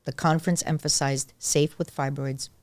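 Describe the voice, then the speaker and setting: Low-voiced, emphatic woman doctor. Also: fairly even intonation, normal speed, a little mellow, a little hiss or hum. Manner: emphatic, repeats key points. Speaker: gynecologist guest. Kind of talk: casual medical conversation.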